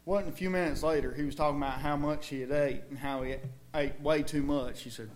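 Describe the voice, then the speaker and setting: A man's voice: on the high side, steady tone, brisk. A man with a Southern US accent preaching a sermon in a church, folksy and conversational, with emphatic outbursts.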